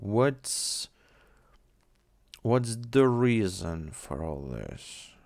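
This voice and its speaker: A man's voice: lowish voice, sing-song, very slow, vocal fry, a little mellow, dry recording, clean studio sound. A man giving casual reaction commentary on an anime at home, rambling, swearing and thinking aloud. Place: home, on a squeaky chair.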